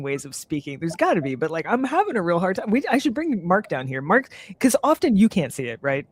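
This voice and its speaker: Lively, laughing podcast co-host. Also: mid-range voice. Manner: lively, laughs a lot, reads listener comments aloud. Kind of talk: casual chat.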